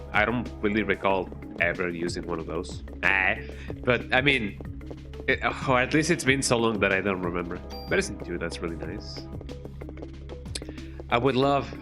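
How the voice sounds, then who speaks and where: Guy streaming a game, rambling, restarts a lot, low-ish voice, game music behind. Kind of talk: casual live-stream commentary.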